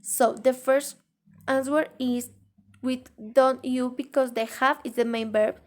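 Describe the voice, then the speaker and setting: A woman teaching an English grammar lesson in a halting way, pausing mid-sentence and reading example sentences aloud. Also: high voice, steady tone. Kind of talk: grammar lesson explaining tag questions.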